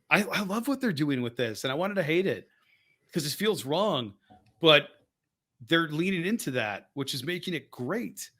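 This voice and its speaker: A man co-hosting a podcast in casual chat, excitable and rambling, often laughing as he talks. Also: medium pitch. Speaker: podcast co-host.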